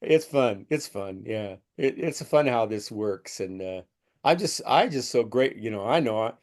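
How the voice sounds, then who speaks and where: A man's voice: lowish voice, lively intonation, unhurried, darkish tone. A middle-aged man, a spiritual teacher, talking in a rambling conversational way and acting out quoted voices as he explains.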